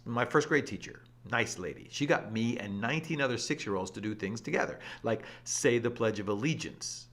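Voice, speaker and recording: A man presenting an energetic scripted explainer with a lively, playful and emphatic delivery. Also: mid-range voice. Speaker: educational presenter.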